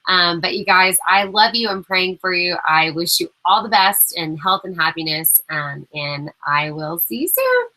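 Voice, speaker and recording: A woman's voice: on the low side, big pitch swings, moderate pace, bright, forceful tone, low-quality recording. A young woman coach giving new team members a casual, encouraging welcome talk, chatty and full of fillers.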